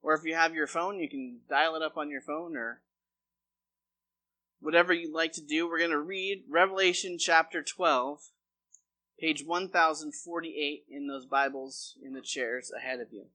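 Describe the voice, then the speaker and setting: A man's voice: on the high side, steady tone, moderate pace, bright, forceful tone. A man preaching a sermon as pastor, reading a long scripture passage aloud before explaining it.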